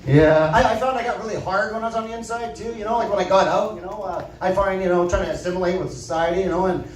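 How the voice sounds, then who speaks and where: High-voiced man doing stand-up. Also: fast, recorded from a distance, a little hiss or hum. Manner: deadpan storytelling, tags lines with "right?". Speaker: stand-up comedian. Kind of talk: stand-up comedy set. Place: comedy club stage. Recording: echoey club audio from afar.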